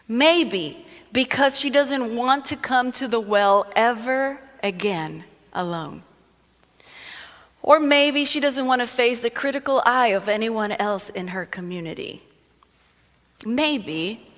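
A woman Bible teacher reads a scripture passage aloud, then explains it in a conversational, storytelling way as part of a sermon. Her voice is a little high with a fairly bright tone, and a long hall reverb surrounds it.

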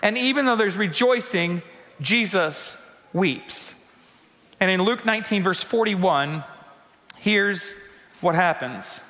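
A male pastor preaching a conversational sermon in a church, acting out quotes and slowing down for emphasis. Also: high-pitched, lively intonation, sharp tone, in a large hall. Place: church sanctuary.

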